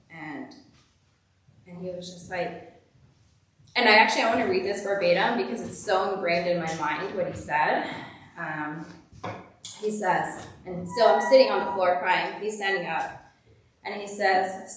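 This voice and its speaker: A woman's voice: on the low side, measured pace, pauses often, slight background noise. Candid woman speaking from far off. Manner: candid, conversational, uses "like" often. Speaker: guest speaker at a church service. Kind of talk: personal testimony talk. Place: church hall. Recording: echoey hall from far off.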